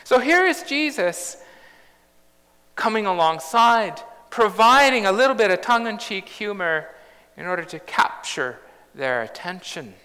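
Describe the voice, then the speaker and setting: A man in his fifties delivers a sermon in a measured, reflective way, breaking into humour now and then. His voice sits a little high and sounds bright and clear. The long reverb of a large church trails behind him. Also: sing-song. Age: 50s. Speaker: pastor.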